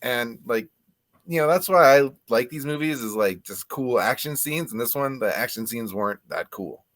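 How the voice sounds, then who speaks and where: A man's voice: medium pitch, lively intonation, moderate pace, fairly bright tone, no echo. A man hosting a casual film review chat, talking loosely with lots of "like" fillers. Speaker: podcast host.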